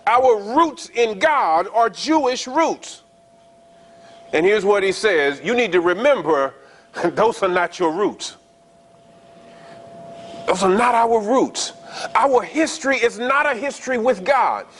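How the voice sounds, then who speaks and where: A man preaching a sermon, explaining scripture in a conversational way, checking in with his listeners and slowing down to stress the verses. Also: sits high, animated, fairly bright tone. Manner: explains scripture conversationally, often asking the congregation "right?"; reads verses slowly and stresses key words. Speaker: pastor.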